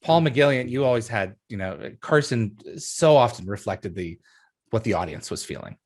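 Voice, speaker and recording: A man's voice: medium pitch, expressive, moderate pace, a little mellow. A man hosting a video-call interview, speaking earnestly and thanking his guests. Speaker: host.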